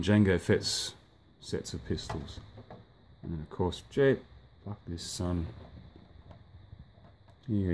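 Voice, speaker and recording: A man casually reviewing a collectible figure, rambling offhand with fillers and the odd curse, filmed indoors by a sunny window. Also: deep voice. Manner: rambling, offhand, swears at the sunlight.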